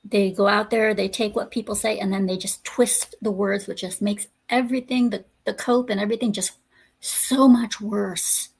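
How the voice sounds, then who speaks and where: A woman's voice: mid-range voice, fairly even intonation, normal speed, vocal fry, husky. A woman hosting a podcast in casual chat, ranting bluntly with swearing and many fillers. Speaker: podcast host.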